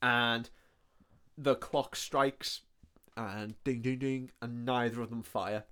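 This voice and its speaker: A man on a film podcast talks through a plot at an ordinary mid pitch. He tells it loosely and with energy. He swears freely and drops "like" into almost every sentence. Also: slow pace, clear, resonant tone. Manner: animated retelling, heavy swearing, many "like" fillers. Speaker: podcast co-host. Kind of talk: casual film recap chat.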